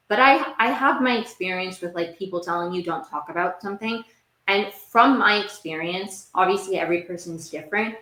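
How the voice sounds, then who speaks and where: A young woman hosts a casual TV recap podcast. Her voice sits a little low, and she talks in a rambling, emphatic way, piling on fillers and repeating herself. The recording has a noticeable roomy echo. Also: fairly bright tone. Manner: rambling and emphatic, heavy use of "like", repeats phrases. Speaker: podcast host.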